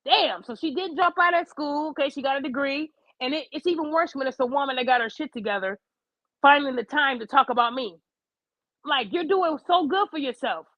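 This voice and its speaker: A woman's voice: high voice, fairly quick, a bit bright, no room sound. A woman hosting a live online show, ranting bluntly and passionately to her chat with plenty of profanity. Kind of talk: livestream rant to chat. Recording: dull lo-fi sound.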